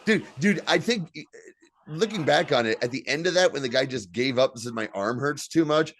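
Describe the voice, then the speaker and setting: A man's voice: mid-range voice, expressive, brisk, gravelly, a bit bright, a little hiss or hum. Laughing, swearing man in casual chat. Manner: joking, swears freely, laughs often. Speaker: co-host.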